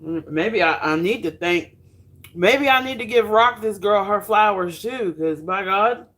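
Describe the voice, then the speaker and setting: A woman's voice: mid-range voice, lively intonation, unhurried, fairly bright tone. A woman talking frankly to her viewers in a casual monologue, swearing and laughing often while she cooks. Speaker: vlogger.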